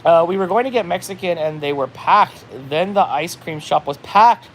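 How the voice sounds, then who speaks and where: A man's voice: sits high, normal speed, fairly bright tone, a little hiss or hum. A man hosting a casual livestream, rambling with lots of "like" and reading chat comments aloud. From New England. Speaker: livestream host.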